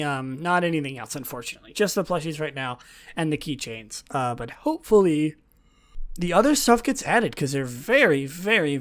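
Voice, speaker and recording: A woman hosting a solo podcast, chatting in a gushing, excitable way that often drops into soft whispers. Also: low voice. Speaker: podcast host.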